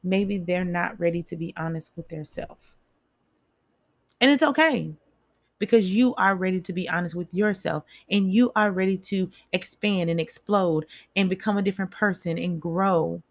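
Woman, kinda low voice, chatty motivational talk, repeats stuff for emphasis, talks right to you. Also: normal speed. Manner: chatty, repeats phrases for emphasis, speaks straight to listeners. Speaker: motivational speaker.

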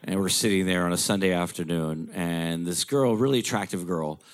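A man's voice: sits low, normal speed. A middle-aged man telling a crude, profane story as a stand-up comedian.

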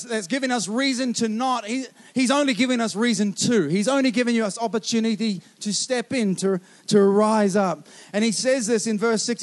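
A man preaching a sermon with fervent, repeated calls of "come on", swinging between loud urgent bursts and quiet slow lines. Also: very high voice.

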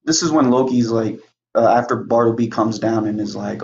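A young man hosts a podcast, casually retelling a movie plot while rambling, swearing freely, and acting out the characters' lines. His voice is on the low side and a little mellow, with fairly even intonation, moderate pace, and vocal fry. The home recording is muffled and roomy, with slight background noise.

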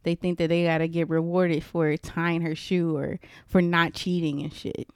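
Blunt woman with a smooth, lowish voice. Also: level tone, moderate pace, darkish tone, dry recording, clean studio sound. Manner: blunt, outspoken. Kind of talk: casual podcast chat.

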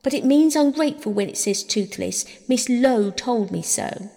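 A woman's voice: high voice, normal speed, mellow, big-room sound, voice pushed up. A woman voicing a young girl who squabbles with her brother, prim and tearful, in a storybook reading. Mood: indignant. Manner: sobbing, sniffly, prim.

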